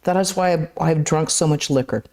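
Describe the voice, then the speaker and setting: A woman's voice: deep voice, fairly quick, darkish tone, lightly acted. A woman reading the lines of a drunk, weeping devotee who pleads insistently with his teacher. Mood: pleading. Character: drunk, weeping devout middle-aged man.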